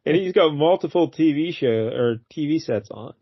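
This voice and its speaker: A man's voice: fairly high pitch, animated, normal speed, breathy edge, no echo, dull audio. A man co-hosting a casual comic book review show, laid-back and laughing often as he recaps the story. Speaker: podcast co-host.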